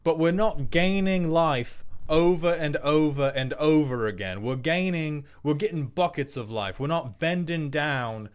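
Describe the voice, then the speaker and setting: A man putting on an exaggerated, hammy British accent as a stuffy, genteel gentleman. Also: fairly high pitch, unhurried, few pauses, clear, resonant tone, close to an everyday voice. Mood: mock-posh. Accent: put-on British.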